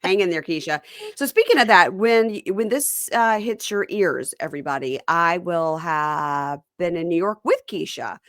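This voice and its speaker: A woman's voice: on the low side, expressive, moderate pace, fairly bright tone, no echo, clean studio sound. A middle-aged woman hosting a podcast in casual chat, laughing often. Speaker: podcast host.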